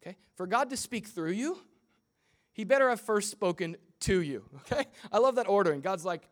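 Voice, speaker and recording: A young male pastor with a high, light voice preaches an animated sermon. His manner is casual, conversational and funny, and he slips in and out of quick impressions of the people in his story.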